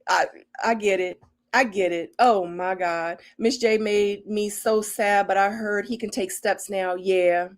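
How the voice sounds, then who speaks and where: A woman's voice: mid-range voice, steady tone, unhurried. Sassy woman chatting to her viewers. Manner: sassy and emphatic, keeps adding "okay?" and "honey". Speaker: former model recapping a reality show. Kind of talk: casual recap chat to viewers.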